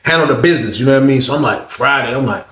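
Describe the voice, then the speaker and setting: Man, casual storytelling, slangy and animated, mid pitch, roomy echo. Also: racing. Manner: slangy, animated, acts out other voices.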